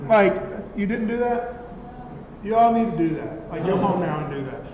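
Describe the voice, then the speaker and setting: A man instructor giving a conversational classroom software lecture, checking in with his students as he works. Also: sits high, lively intonation, normal speed, a crowd in the background. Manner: conversational, checks in with "right?" often. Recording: roomy classroom, dull lo-fi sound.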